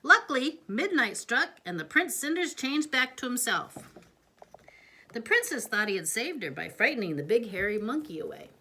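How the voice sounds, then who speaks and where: A woman reading a picture book aloud to a child, playful, with chatty asides and hushed whispers. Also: on the high side, big pitch swings, normal speed, slightly rough. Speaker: parent reading a storybook to a child. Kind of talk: animated read-aloud storytelling.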